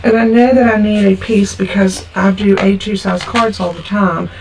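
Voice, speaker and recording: A woman's voice: medium pitch, steady tone, moderate pace, darkish tone. A woman, talking through a card-making tutorial in a chatty, homey way. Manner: chatty, homey, talks through each step. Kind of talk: casual craft tutorial. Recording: from a distance with faint background noise.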